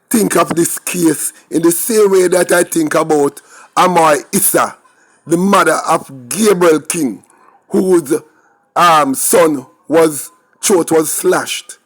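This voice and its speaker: Talking straight to his audience, a Jamaican-accented man gives emphatic, opinionated takes on crime, full of rhetorical questions. His voice sits on the high side and moves slowly.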